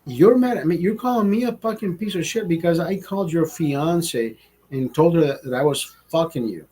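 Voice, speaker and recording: A young man hosting a livestream, telling a rambling, profane story in a casual, animated way. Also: a little high, moderate pace. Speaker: livestream host.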